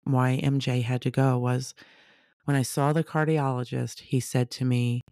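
A woman telling a personal story casually, animated, acting out the people she quotes. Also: a bass voice, normal speed, dry recording, clean studio sound. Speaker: storyteller sharing a personal testimony.

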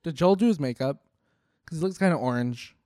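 A young man making casual, sarcastic reaction commentary, swearing and tossing off quick jokey asides. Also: on the high side, animated, mellow, no room sound, clean studio sound.

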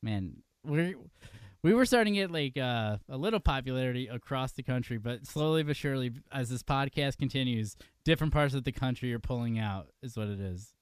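A man's voice: medium pitch, expressive, a little fast, clean tone, no room sound. A man hosting a podcast in casual chat, loose and joking, laughing often. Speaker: podcast host.

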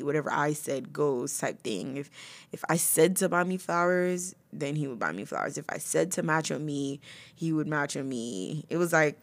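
A young woman vlogger telling a personal story in casual chat, laughing often and saying "like" a lot. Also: low-pitched.

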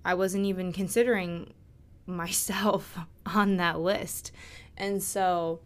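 A woman's voice: fairly low pitch, clean tone. A young woman hosting a podcast, talking casually with frequent fillers and restarts. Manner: chatty, many fillers and restarts. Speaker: podcast host. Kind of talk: casual monologue on self-love.

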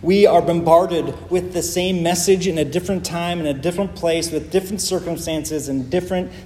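A man with a high, mellow voice delivers a sermon with earnest emphasis and measured pauses. The sound is roomy and echoey, like a church hall, with a faint hum of ambience behind him. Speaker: pastor.

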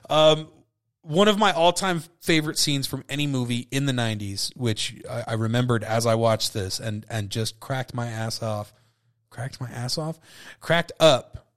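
A man's voice: medium pitch, a little slow. Tipsy, rambling profane podcast host man. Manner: loose, profane, self-interrupting. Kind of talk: rambling solo podcast chat.

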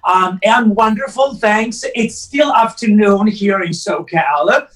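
High-voiced man, a bit off-mic. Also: slow, fairly bright tone, recorded from a distance, poor audio. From Italy. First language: Italian. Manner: earnest, methodical explainer. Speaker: actor guest. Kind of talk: casual interview chat.

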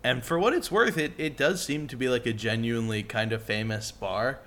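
A man's voice: medium pitch, moderate pace, a bit bright. A young man co-hosting a podcast, chatting casually and rambling with lots of "like" and "you know". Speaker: podcast co-host. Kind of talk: casual chat.

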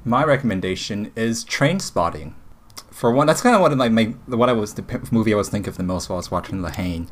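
A man co-hosting a podcast in casual chat. He talks excitably and rambles, with frequent restarts. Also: lowish voice, quick pace, slight background noise. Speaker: podcast co-host.

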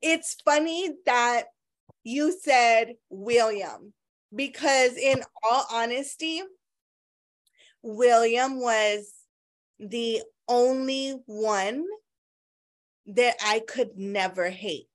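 A woman's voice: on the high side, drawn-out words, pauses often. A woman hosting a casual interview, friendly, asking questions and laughing along. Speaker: host and author.

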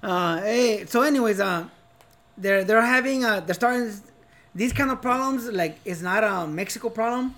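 A man's voice: high voice, normal speed, a bit bright. A man in his thirties in casual chat, laid-back and laughing easily, calling his friend bro.

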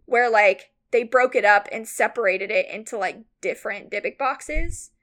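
A woman co-hosting a podcast, casually retelling a story with lots of "like" fillers, rambling and animated. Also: mid-range voice, moderate pace. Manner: animated, mock-outraged retelling. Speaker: podcast co-host.

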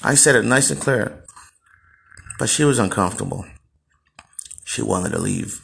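Male podcast host from El Salvador; gravelly, low voice; blunt, profane storytelling monologue with frequent restarts. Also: animated, measured pace, fairly bright tone.

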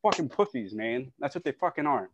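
A man's voice: mid-range voice, big pitch swings, fairly quick, very noisy. Blunt, cursing soldier man, dull lo-fi sound. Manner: blunt, profane, frustrated. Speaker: serving soldier, podcast guest. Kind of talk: casual chat.

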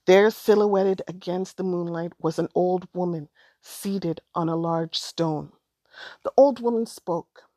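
A woman narrating a storybook aloud in a measured, expressive way. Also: on the low side, no room sound.

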